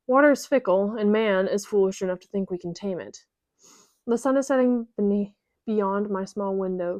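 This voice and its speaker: A woman narrating an audiobook in a calm, measured reading voice. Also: medium pitch, no echo. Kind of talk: scripted narration.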